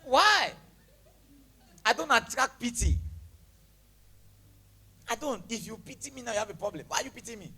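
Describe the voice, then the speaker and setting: A man preaching a sermon to his church, with a lively, emphatic delivery that jumps from shouts to near whispers and mixes in Pidgin phrases. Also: very high voice, fairly quick, pauses often, breathy edge. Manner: animated preaching, shouting then dropping to a hush, Pidgin phrases, laughing. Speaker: pastor. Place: church hall with congregation.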